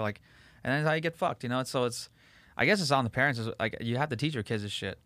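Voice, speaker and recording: A man's voice: mid-range voice, fast talker, a bit bright, no echo. A man, hosting a podcast and telling a rambling, profane story with lots of fillers. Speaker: podcast host. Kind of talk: casual chat.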